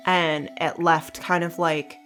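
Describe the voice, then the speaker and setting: A woman's voice: low-pitched, flat delivery, slow, fairly bright tone, faint music behind. A woman co-hosting a video game let's play, chatting casually and laughing often as she tells stories. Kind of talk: casual chat over gameplay.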